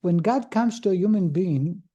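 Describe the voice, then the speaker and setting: Rabbi with a very dark, mellow voice. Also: male voice, sits high, expressive, muffled recording. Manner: storytelling, informal, halting restarts. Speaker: rabbi teaching a Torah class. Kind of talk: conversational lesson with a parable.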